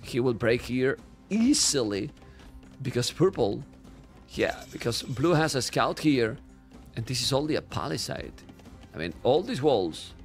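Animated Spanish-accented man casting a game. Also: medium pitch. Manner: animated, chatty, teasing the chat. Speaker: game caster. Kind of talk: live esports commentary.

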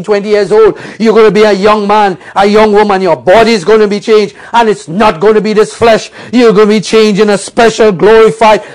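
A man preaching a fervent sermon with a high-pitched voice. He scatters amens and hallelujahs throughout. He swings from hushed, low stretches to loud, soaring cries. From United States. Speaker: pastor.

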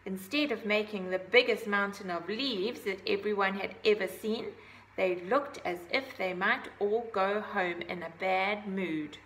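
A woman reading a children's picture book aloud, gently adding her own asides about the pictures. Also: mid-range voice, measured pace, a little hiss or hum, low-quality recording. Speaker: storybook reader.

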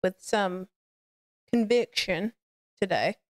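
Woman, podcast host, smooth clear voice, candid and rambling, live-stream chat. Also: mid-range voice, takes it slowly, darkish tone.

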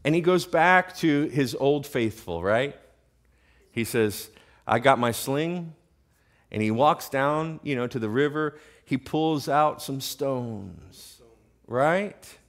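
A man's voice: mid-range voice, animated, takes it slowly. Man preaching in a chatty, questioning way. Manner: conversational preaching, asks the congregation questions. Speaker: pastor. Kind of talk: sermon. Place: church sanctuary.

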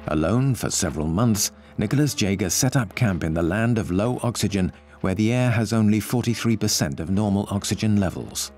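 Man, documentary narration, measured and explanatory, lowish voice, soft music under. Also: animated. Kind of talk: scripted narration. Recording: faint music behind.

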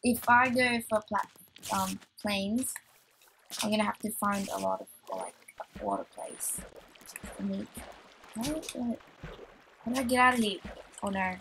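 A woman's voice: mid-range voice, animated, unhurried, creaky, long pauses, background noise. A woman hosting a let's play, chatting to herself as she plays and getting easily startled. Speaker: gaming channel host.

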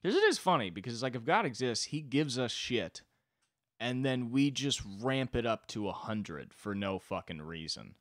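A man's voice: medium pitch, lively intonation, moderate pace, a bit bright, dry recording, studio quality. A young man hosting a solo comedy podcast, talking in a crude, rambling, sweary way. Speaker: podcast host.

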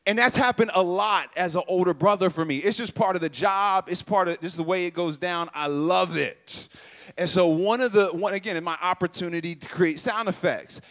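Young male youth preacher, high register, casual storyteller who acts out scenes. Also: brisk. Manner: animated, acts out voices and sound effects. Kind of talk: sermon storytelling.

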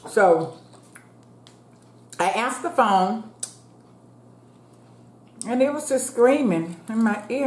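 A woman's voice: a little high, animated, takes it slowly, long pauses. A woman in her fifties chatting casually with viewers while she eats, calling them "y'all" and praying aloud. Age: 50s. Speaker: food vlogger. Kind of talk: casual eating chat to viewers. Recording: echoey room.

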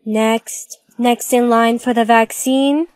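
A synthetic woman's voice reading side characters in short POV skits with a flat, machine-like delivery. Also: on the high side, takes it slowly, dry recording. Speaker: text-to-speech storyteller. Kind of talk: text-to-speech POV skit narration.

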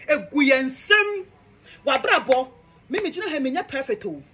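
A woman's voice: sits high, bright, forceful tone. A young Ghanaian woman delivering a heated, defiant, scolding monologue rant. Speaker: social media commentator.

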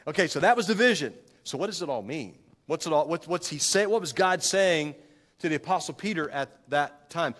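A man's voice: fairly high pitch, fairly bright tone. A man preaching a sermon to his congregation in a conversational way, stopping to correct himself and asking the room questions. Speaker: pastor. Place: church sanctuary. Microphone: handheld microphone. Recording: long hall reverb.

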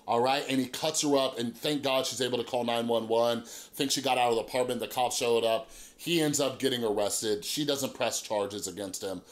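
At normal speed with few pauses, a man talks to camera about his addiction recovery in a laid-back vlog. He keeps checking in with "right?" and "okay?", uses "like" often, and tells the story with energy, going low and quiet when things turn dark.

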